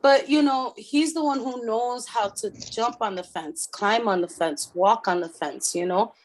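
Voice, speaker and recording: A woman co-hosting a casual radio chat, telling stories in an animated way, swearing often and laughing a lot. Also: a little high, unhurried. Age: adult, has a son. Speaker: radio show co-host.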